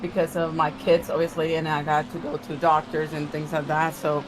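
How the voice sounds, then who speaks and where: A middle-aged woman with a Spanish accent, a native Spanish speaker, chatting as co-commentator in an animated, exclamatory way. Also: low-pitched, moderate pace, noisy background. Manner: animated, laughing, exclaims often. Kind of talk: casual chat on a race stream.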